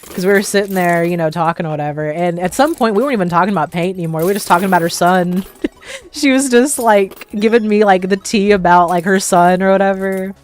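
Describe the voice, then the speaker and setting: A woman's voice: medium pitch, a little fast. A young woman hosting a livestream, telling casual stories in a rambling way, full of "like" fillers and laughing often. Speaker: livestream host. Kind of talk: casual storytelling.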